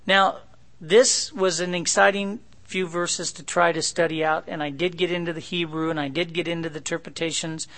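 A man's voice: sits high, fairly even intonation, normal speed, gravelly, fairly bright tone. A middle-aged man preaching an expository sermon, reading scripture with rising emphasis and often correcting himself mid-phrase. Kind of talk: sermon, expository Bible teaching.

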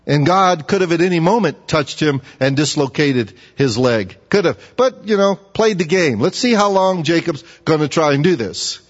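A man preaching a sermon, asking his listeners questions and getting animated when he acts out a pleading voice. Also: moderate pace, hardly any pauses. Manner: animated, rising high when acting out pleading; asks the audience questions. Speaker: pastor. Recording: dull, echoey hall.

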